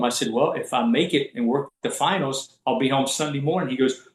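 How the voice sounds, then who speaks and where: A man's voice: mid-range voice, brisk, hardly any pauses. Guy spinning ref stories, does all the voices, kinda echoey room. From Southwest Virginia. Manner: animated, acts out quoted voices. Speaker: guest, college basketball referee. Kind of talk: casual storytelling.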